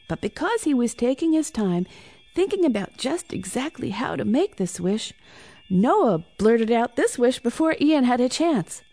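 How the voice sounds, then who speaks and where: A woman reading a children's Christmas bedtime story, animated with hushed, whispery asides. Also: on the high side.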